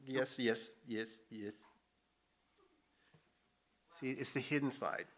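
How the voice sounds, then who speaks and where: A man's voice: medium pitch, fairly even intonation, slow pace, a bit bright. A middle-aged man, a missionary speaking to a church, telling jokes and rambling happily in a conversational way. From northern United States. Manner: joking, rambling, self-deprecating.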